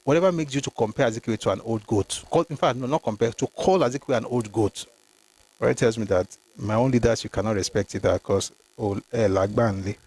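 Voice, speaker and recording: A man's voice: mid-range voice, fast talker, darkish tone, slightly rough. A man hosting a history livestream, reading documents aloud and commenting emphatically, talking to viewers by name. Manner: addresses viewers by name, mixes Yoruba phrases. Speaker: host.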